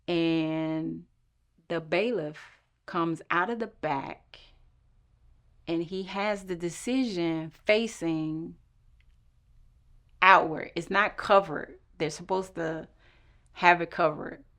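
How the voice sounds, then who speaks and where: A woman's voice: fairly low pitch, takes it slowly, long pauses, a bit bright. A woman telling her own story with intense emotion, acting out the dialogue. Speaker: storyteller recounting her own court case. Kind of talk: personal storytelling.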